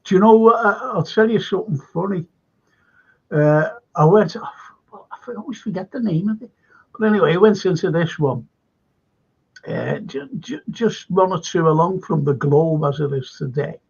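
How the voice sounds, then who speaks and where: Older scouse bloke hosting a chat show, husky voice, dull lo-fi sound. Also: male voice, high-pitched, moderate pace, a little mellow. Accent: Liverpool. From Liverpool, England. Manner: rambling anecdotes, laughs while telling stories. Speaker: radio show host. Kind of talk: casual chat.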